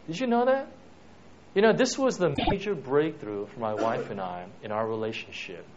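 A man's voice: mid-range voice, moderate pace, noisy background. Conversational male preacher, lo-fi sound. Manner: peppers talk with "right?" and "you know". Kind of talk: conversational sermon. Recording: dull lo-fi recording.

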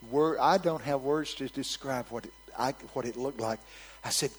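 A man preaching a storytelling sermon, swinging from hushed asides to loud, shouted quotes. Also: mid-range voice, fairly even intonation, unhurried, big-room sound, a little hiss or hum, poor audio.

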